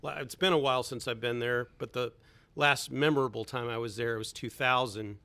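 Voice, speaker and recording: A man's voice: medium pitch, steady tone, moderate pace, creaky, bright, forceful tone, dry recording. A middle-aged man, a golf instructor, chatting in an easygoing way as a guest in a podcast studio. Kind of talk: casual podcast chat.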